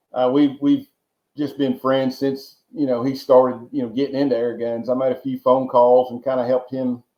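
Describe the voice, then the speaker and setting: A man from Georgia, telling long rambling stories as a podcast guest, often repeating words and adding folksy asides. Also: medium pitch. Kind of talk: casual storytelling interview. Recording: roomy, dull lo-fi sound.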